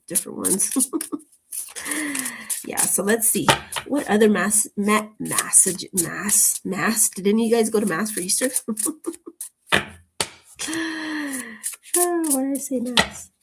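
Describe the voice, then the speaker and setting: A woman's voice: medium pitch, vocal fry, very noisy. A woman giving a casual tarot reading to camera, rambling off into tangents and laughing often between remarks. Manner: chatty, drifts into tangents. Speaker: tarot reader.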